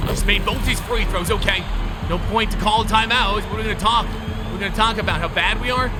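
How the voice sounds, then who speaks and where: A man hosting a gaming video, giving excitable live commentary on his own play and shouting and groaning at the game. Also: high-pitched, fairly quick. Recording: loud game music behind the voice.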